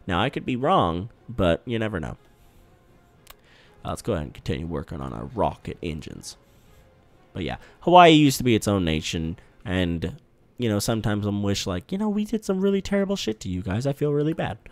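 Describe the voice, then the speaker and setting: Young us guy playing a strategy game, lowish voice that jumps all over, cussing casually, faint music behind. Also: big pitch swings, brisk. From United States. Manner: loose, swearing, chatty thinking aloud. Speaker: gaming YouTuber. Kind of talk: strategy game let's play commentary.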